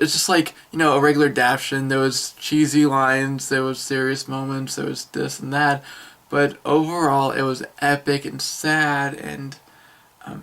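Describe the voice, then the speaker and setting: Excitable rambling young man. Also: mid-range voice, gravelly. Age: young adult. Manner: excitable, rambling, many fillers. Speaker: film reviewer. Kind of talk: casual film review vlog.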